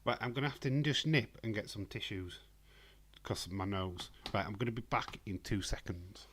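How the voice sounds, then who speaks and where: A man with a hoarse voice, hosting a casual live stream from home and talking in a blunt, rambling way. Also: on the low side, normal speed, fairly bright tone, a little hiss or hum. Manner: blunt, rambling, profane, reads chat aloud.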